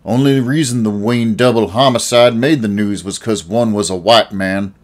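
A man voicing a gruff old junkyard caretaker who talks bluntly and sneers. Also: on the low side, fairly even intonation, moderate pace, lightly acted. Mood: furious.

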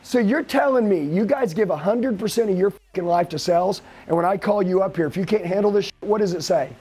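A man with a high voice drives a live sales seminar for a room of trainees. He rants, swears and pushes them hard, with no letup in his pressure. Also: fast, a little mellow, husky. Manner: profane, aggressive, hyped-up lecturing.

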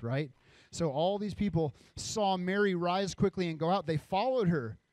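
A man's voice: a little high, warm tone, no echo. A man preaching a sermon as pastor, reading scripture and acting out the voices of people in the story.

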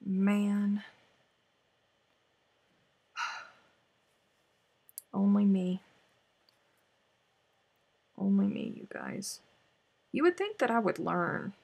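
Woman host, casual live-stream chat, gravelly and unhurried, exclaims and mutters while crocheting. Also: mid-range voice, lively intonation, a little mellow. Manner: chatty, exclaiming, mutters to herself while working.

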